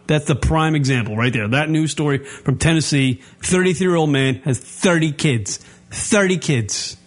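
High-voiced, brash male radio host. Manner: loud, swearing, repeats himself. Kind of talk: brash profane radio rant.

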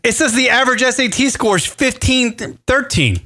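A man's voice: very high voice, normal speed. A man hosting a radio talk show, cursing and laughing as he rants in crude, casual banter. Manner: profane, laughing, rants loudly.

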